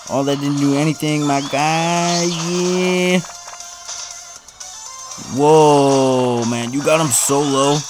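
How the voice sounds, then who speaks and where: A casual gameplay commentator, excitable and teasing, joking through the match. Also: medium pitch, takes it slowly. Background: game music.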